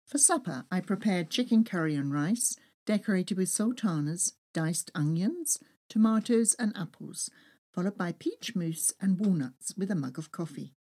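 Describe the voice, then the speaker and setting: Lowish woman reading a travel memoir. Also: moderate pace. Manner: lively, expressive storytelling. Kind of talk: first-person memoir reading.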